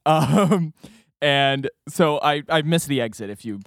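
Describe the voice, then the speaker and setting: A man's voice: a little high, measured pace, vocal fry, no echo, clean studio sound. A young man co-hosting a podcast, telling a road story in casual chat, acting out what people said with lots of fillers. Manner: animated, acts out quoted voices, many fillers. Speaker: podcast co-host.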